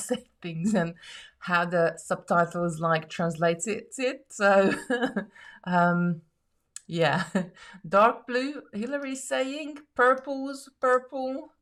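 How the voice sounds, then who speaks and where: A woman's voice: medium pitch, fairly bright tone. A woman hosting a live jewellery-making stream, chatting casually, reading viewer comments aloud and laughing often.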